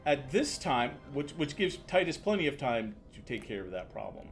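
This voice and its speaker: A man narrating as dungeon master in a casual tabletop game, halting with fillers and often laughing. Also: mid-range voice, sing-song, faint music behind.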